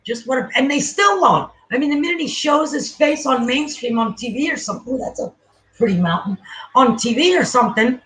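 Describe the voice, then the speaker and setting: A man's voice: very high voice, expressive, brisk, fairly bright tone, a little hiss or hum, poor audio. A man hosting a casual livestream, talking loosely and profanely and trailing off mid-sentence. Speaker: livestream host. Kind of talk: casual rambling livestream chat.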